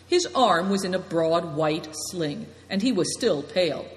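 A woman reads a story aloud in a steady, descriptive narration. Her voice sits a little low, and a long reverb hangs after each phrase as in a big hall. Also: unhurried, a little hiss or hum. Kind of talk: audiobook narration.

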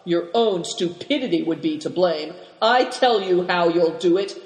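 A reader voicing a gruff, bad-tempered male crook who snarls and growls at his partner in a storybook. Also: mid-range voice, measured pace, natural voice. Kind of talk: storybook reading. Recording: roomy hall with long reverb.

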